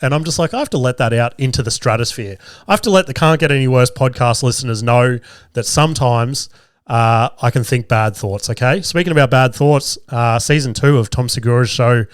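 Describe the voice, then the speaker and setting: Man, 30s, podcast host, jokey and profane, slightly nasal from a cold, mid pitch, dry sound. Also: brisk, clean tone, no room sound. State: getting over a cold, a bit nasal. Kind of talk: casual comedic podcast chat.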